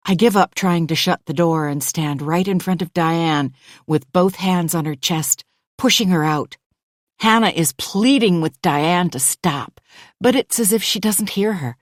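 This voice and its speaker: A woman narrating a thriller audiobook in the first person, measured and even. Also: lowish voice, no echo, clean studio sound.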